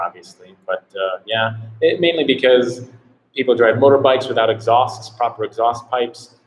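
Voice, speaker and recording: A man's voice: medium pitch, a little hiss or hum, low-quality recording. A man hosting a casual live travel Q&A, rambling and filling his talk with "like". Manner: rambling, heavy on "like" fillers. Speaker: travel vlogger host.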